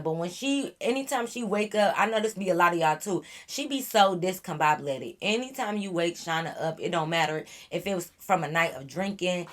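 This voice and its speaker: A young woman vlogger telling a wild storytime to her viewers in an animated, slangy way. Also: lowish voice. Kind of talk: storytime chat to camera.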